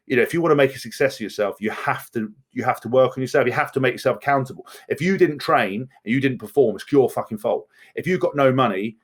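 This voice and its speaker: A man in his thirties from England, guesting on a podcast. He talks fast and bluntly, swears freely, and tumbles from one point to the next. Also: mid-range voice. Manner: blunt, profane, fast-talking. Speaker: podcast guest, former rugby player. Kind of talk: candid podcast conversation.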